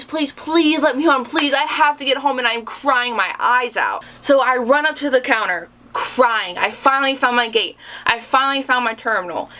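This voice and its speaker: Young female vlogger, storyteller type; bright, slightly high voice, animated, self-deprecating humor. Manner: animated, dramatic storytelling with self-mocking sarcasm. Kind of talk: storytime vlog.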